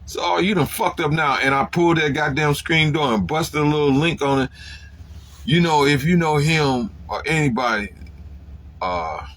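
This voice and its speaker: A man telling a personal story in casual, profane speech. He ends many phrases with "man" and acts out his own past lines in a louder, higher voice. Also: normal speed.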